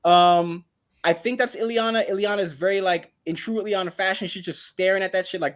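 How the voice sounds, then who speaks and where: A young man chatting casually about comic books on a podcast, animated and acting out characters' lines as he tells the story. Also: high-pitched, a little fast. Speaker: podcast co-host. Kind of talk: casual comic book chat.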